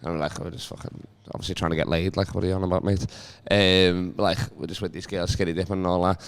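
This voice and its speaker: A man's voice: sits low, little pitch movement, fast talker, vocal fry, clean tone. A young man from Liverpool with a Liverpool accent, telling rambling, sweary stories on a comedy podcast. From Liverpool, England. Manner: rambling storyteller, swears a lot, laughs. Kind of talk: casual podcast chat.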